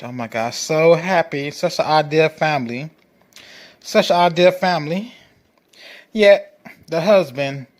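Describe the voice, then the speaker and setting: Male host, fairly high voice, sarcastic mock-disbelief, reads articles aloud. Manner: sarcastic, mock-incredulous, repeats phrases. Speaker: show host. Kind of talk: reaction commentary reading articles aloud.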